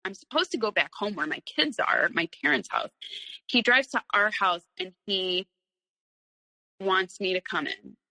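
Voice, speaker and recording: Woman, 30s, interview guest; bright, rambling storyteller with nervous laughs, reverberant room. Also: medium pitch, unhurried. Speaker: guest telling her story. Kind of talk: candid personal storytelling.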